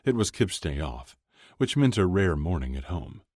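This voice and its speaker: A man narrating an audiobook in an expressive storytelling manner. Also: low voice, normal speed, dry recording, clean studio sound.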